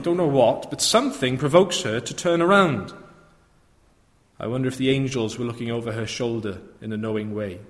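Man preaching, mid pitch, reflective, rhetorical questions, long church reverb. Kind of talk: sermon.

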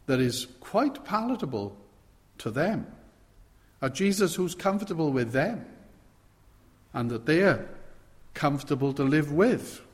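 Emphatic male preacher in a reverberant hall. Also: fairly high pitch. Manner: emphatic, stresses key words with swells in volume. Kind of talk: expository sermon.

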